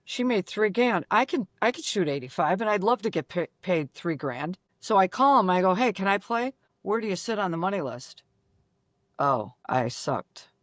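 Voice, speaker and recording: An older woman from Buffalo, a guest telling brash, rapid-fire stories with acted-out dialogue. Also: mid-range voice, lively intonation, no room sound, studio quality. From Buffalo, New York. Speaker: guest, former pro golfer. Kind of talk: animated storytelling.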